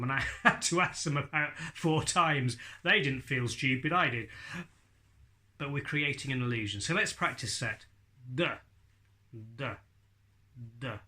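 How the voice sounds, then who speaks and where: A man's voice: medium pitch, bright, forceful tone. A man teaching ventriloquism in a casual video lesson, chatty and laughing often as he demonstrates sounds.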